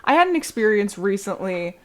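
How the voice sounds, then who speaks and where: A woman's voice: medium pitch, sing-song, fairly quick. A young woman co-hosting a podcast in casual chat, playful and enthusiastic, giggling between lines. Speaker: podcast co-host.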